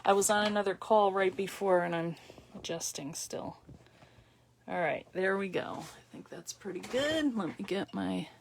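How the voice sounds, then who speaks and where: Woman, live craft demo, chatty, thinks aloud, greets viewers, phone mic, mid-pitched voice. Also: moderate pace, vocal fry, slight background noise. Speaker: craft demonstrator hosting a livestream. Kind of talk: casual live craft tutorial.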